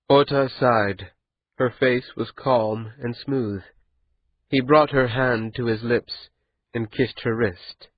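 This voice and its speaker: A man reading a fantasy novel aloud in a measured, even style of scripted narration. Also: mid-range voice, no room sound, muffled recording. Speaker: audiobook narrator.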